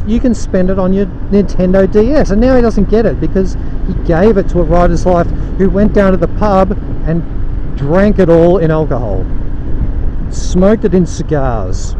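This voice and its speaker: A man's voice: high voice, lo-fi sound. A young man vlogging from his motorbike, rambling wryly and stopping himself mid-sentence as he acts out imagined conversations. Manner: rambling, wry, self-interrupting, acts out imagined dialogue. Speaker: motovlogger. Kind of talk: casual ranting monologue while riding. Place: on a motorbike in city traffic. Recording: wind and traffic noise outdoors.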